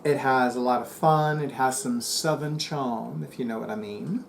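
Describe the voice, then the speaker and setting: A man's voice: mid-range voice, a little fast, vocal fry, slight background noise. A man from New Jersey hosting a casual book review vlog, chatty and rambling with many fillers. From New Jersey, USA. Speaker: BookTube channel host.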